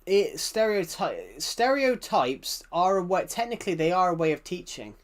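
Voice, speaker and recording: Chatty British male streamer, slightly high. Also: big pitch swings, moderate pace. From United Kingdom. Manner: rambling, answers chat, frequent restarts. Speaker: game streamer. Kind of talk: casual live-stream chat.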